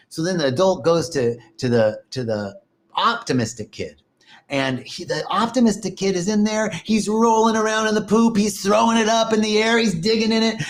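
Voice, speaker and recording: A man preaching a sermon, telling animated stories, laughing often and swearing casually. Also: high-pitched, a little fast. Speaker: minister. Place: lives in Costa Rica.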